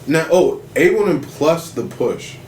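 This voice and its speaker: A man's voice: fairly high pitch, big pitch swings, a little slow, darkish tone. A man co-hosting a podcast, chatting casually in a laid-back, slangy way. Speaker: podcast co-host. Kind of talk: casual chat. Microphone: streamed live podcast mic. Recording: roomy with faint background noise.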